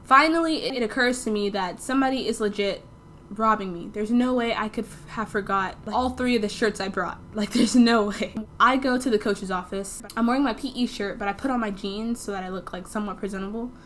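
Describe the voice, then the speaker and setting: A woman's voice: medium pitch, brisk, fairly bright tone, a little hiss or hum. A teenage girl telling a story in a casual vlog, chatty and full of "like" fillers, acting out the dialogue as she goes. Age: teens. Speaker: storytime vlogger.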